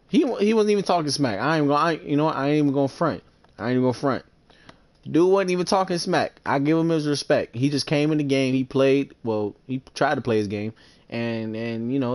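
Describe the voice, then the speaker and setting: A young gaming streamer with a slightly mellow voice, recorded dry, commentates casually on a sports video game. He's boastful and slangy, trash-talks his opponents, and breaks into falsetto singing.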